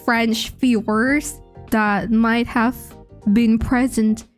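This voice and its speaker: A woman's voice: fairly high pitch, fairly even intonation, extremely slow, soft background music. A young woman chatting casually on a stream, playful and joking, with a giggly, rambling delivery. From Indonesia. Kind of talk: casual chat.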